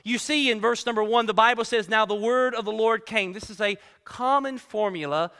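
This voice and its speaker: A man's voice: high voice, normal speed, bright, forceful tone, clear, resonant tone. A man delivering a sermon in a church, reading scripture and then preaching earnestly with emphatic repetitions. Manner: earnest preaching with rising emphasis and repeated words. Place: church sanctuary. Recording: reverberant hall.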